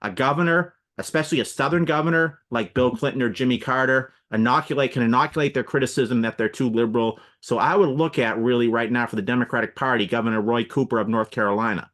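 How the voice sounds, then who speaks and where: Fast-talking man analyzing politics. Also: mid-range voice, a bit bright. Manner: fast, explanatory, lists names and examples. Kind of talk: radio interview commentary.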